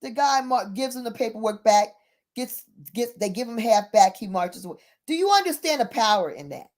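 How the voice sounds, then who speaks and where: A woman retelling a story in a casual, chatty, animated way. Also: fairly high pitch, normal speed. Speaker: speaker.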